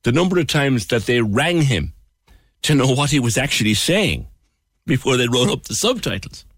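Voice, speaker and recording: A man's voice: medium pitch, sing-song, normal speed, fairly bright tone, dry recording, studio quality. A man with an Irish accent, a radio host chatting in an exasperated, scathing way. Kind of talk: opinionated radio chat.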